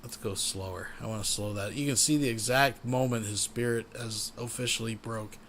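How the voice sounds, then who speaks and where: A man's voice: on the low side, fairly even intonation, normal speed, a bit bright, slight background noise. A man hosting a casual reaction commentary. He is tipsy from beer and talks in a loose, crude, rambling way. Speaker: commentary channel host.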